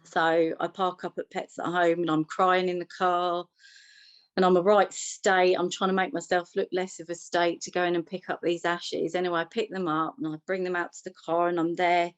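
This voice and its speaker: A woman's voice: on the low side, little pitch movement, moderate pace, no echo, lo-fi sound. A woman telling personal stories in a chatty way, with humour and restarts. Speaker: podcast co-host. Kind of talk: personal storytelling in a conversation.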